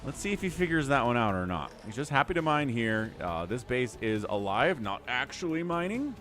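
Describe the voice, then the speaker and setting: A man hosting a live stream and giving chatty, excitable commentary on an esports match, thinking aloud as the play unfolds. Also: medium pitch, moderate pace, faint music behind. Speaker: game commentator and stream host.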